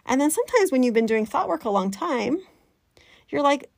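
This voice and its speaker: Animated chatty woman coach. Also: sits high, normal speed, vocal fry, dry recording, studio quality. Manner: animated, chatty, breaks into voices of her inner critic. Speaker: life coach. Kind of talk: coaching podcast talk.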